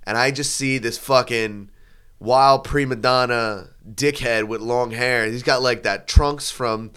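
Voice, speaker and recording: A man telling a crude bar story in casual chat, acting out quotes loudly. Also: mid-range voice, steady tone, a little slow, clear, resonant tone.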